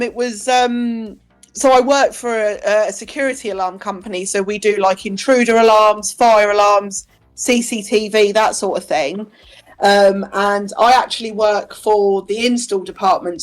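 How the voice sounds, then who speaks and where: Chatty woman with faint music behind. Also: mid-range voice. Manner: chatty, laughs often, swears casually. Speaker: stream co-host. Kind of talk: casual chat on a live stream.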